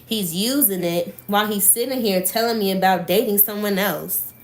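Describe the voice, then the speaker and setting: A woman reading a memoir aloud on a live stream, slow and deliberate, stopping to reread lines she misreads. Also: medium pitch.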